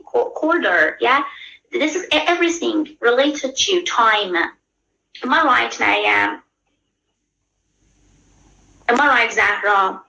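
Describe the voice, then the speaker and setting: A woman's voice: a little high, pushed and bright, slight background noise. A woman with a Persian accent teaching an English exam class, explaining patiently and checking in with her students often. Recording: echoey room.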